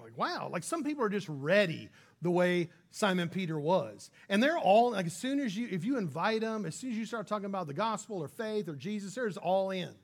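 Animated pastor preaching casually. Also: male voice, high voice. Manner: casual and animated, acts out quoted speakers. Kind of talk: conversational sermon.

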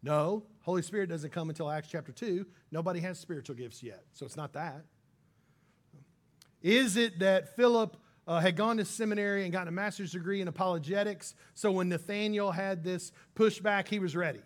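The sermon is casual and talky, given by a pastor whose voice sits fairly high for a man. Full of animation, he slips into quick little voices to play the people he quotes.

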